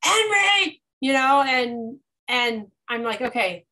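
Chatty woman host, fairly high voice. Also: a little slow, a bit bright, low-quality recording. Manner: chatty, tells personal anecdotes. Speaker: podcast host. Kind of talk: conversational interview.

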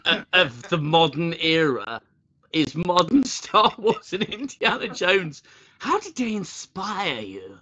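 A man's voice: high voice, big pitch swings, slow pace, pushed and bright, breathy edge. A British man hosting a casual livestream chat, mocking what he reads aloud and laughing often. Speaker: host.

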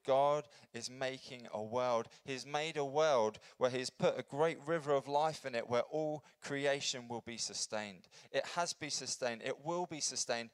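Earnest man preaching with a smooth voice. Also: no echo. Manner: earnest, builds up then drops to a soft low voice. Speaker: pastor. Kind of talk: sermon. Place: church.

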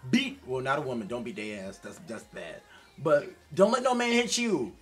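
Animated man reacting loudly to a music video. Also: medium pitch, normal speed. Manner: animated, talks straight to viewers, shifts between loud excitement and quiet mumbling. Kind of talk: casual reaction commentary.

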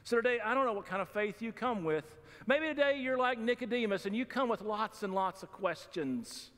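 A man's voice: high voice, animated, normal speed, fairly bright tone. A man preaching a sermon as pastor, in a folksy, conversational way with humorous asides. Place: church sanctuary. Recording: long reverb of a church hall.

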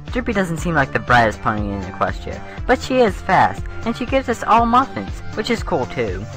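A woman's voice: on the low side, huge pitch swings, moderate pace, over music. A woman as a chirpy, sing-song ad customer. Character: chirpy customer giving an ad testimonial.

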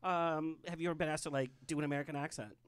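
A man's voice: fairly high pitch, steady tone, very fast, smooth. A man hosting a casual chat show, sassy and flamboyant, often laughing as he talks. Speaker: podcast host.

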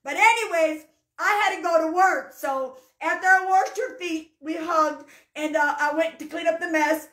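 Woman preacher, high voice, folksy testimony, fervent, echoey room. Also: moderate pace. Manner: fervent, breaks into shouts of hallelujah; folksy storyteller. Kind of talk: spoken testimony and sermon.

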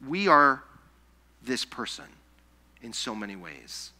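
A man preaching a sermon, telling scripture stories in an animated way, acting out the people he quotes, and dropping soft and slow when he reads the verses. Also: mid-range voice. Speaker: pastor. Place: church sanctuary.

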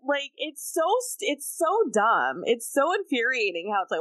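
A woman's voice: a little high, sing-song, moderate pace, sharp tone, no echo. A woman in casual podcast conversation, earnest and reflective, stringing her points together in long, building sentences.

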